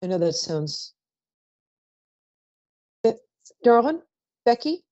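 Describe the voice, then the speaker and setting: Psychic call-in host, woman, rambling and chatty, lively swooping voice, mellow tone, dry dull recording. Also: fairly high pitch, slow, no room sound. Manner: chatty, warm-toned asides, trails off mid-sentence. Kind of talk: live call-in psychic reading.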